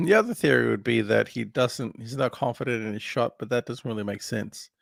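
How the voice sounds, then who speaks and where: Gravelly man recapping a film. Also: medium pitch, expressive, moderate pace, no echo, clean studio sound. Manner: meandering, filler-heavy retelling. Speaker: film podcast co-host. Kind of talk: casual film recap chat.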